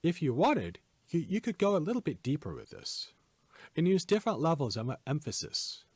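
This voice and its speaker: A man hosting a podcast lesson, giving presentation tips in a clear, emphatic, teacherly way. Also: fairly high pitch, huge pitch swings, normal speed, no room sound.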